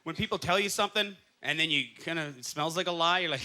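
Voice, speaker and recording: A man's voice: quick pace, noisy background. A man doing stand-up comedy, acting out voices as he tells stories. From Canada. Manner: animated, acts out voices with big pitch jumps. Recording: live club set with audience laughter.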